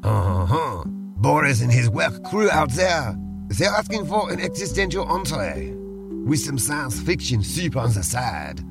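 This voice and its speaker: A man's voice: medium pitch, very animated, a little slow, gravelly. A man voicing a snooty male French waiter with a put-on French accent, fussy and theatrical, over background music. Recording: music playing behind.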